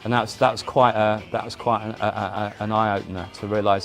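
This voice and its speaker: A man, a musician guest in a casual chat, telling animated stories with frequent restarts. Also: on the low side, brisk, hardly any pauses, soft background music. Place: indoor chat.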